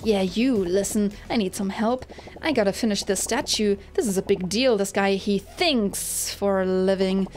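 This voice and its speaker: A woman's voice: medium pitch, normal speed, a little mellow, soft background music, close to an everyday voice. A woman reading the lines of a shifty, pleading male sculptor in a video game. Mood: conspiratorial.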